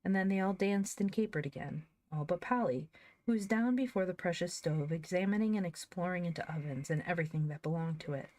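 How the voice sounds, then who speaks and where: A woman narrating an audiobook of a children's classic in a lively, expressive reading. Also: fairly low pitch, brisk, dry recording. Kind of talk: scripted storybook reading.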